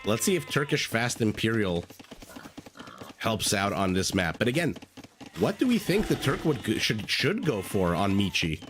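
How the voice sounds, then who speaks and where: A man's voice: fairly low pitch, very animated, normal speed, a bit bright, slight background noise. A man recovering from a cold, chatting through live game commentary, thinking aloud and greeting viewers. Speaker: game caster. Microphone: desk microphone.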